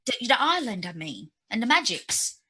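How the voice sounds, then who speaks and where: A woman's voice: a little high, very animated, moderate pace, sharp tone, breathy edge. Stammering, eager woman role-playing. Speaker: player. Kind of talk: in-character tabletop role-play.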